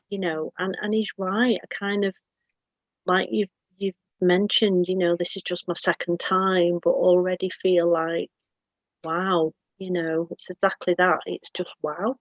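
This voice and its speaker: A woman's voice: on the low side, steady tone, no room sound, muffled recording. Chatty woman on a call. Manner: chatty, halting, self-interrupting. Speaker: group member. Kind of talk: casual group chat.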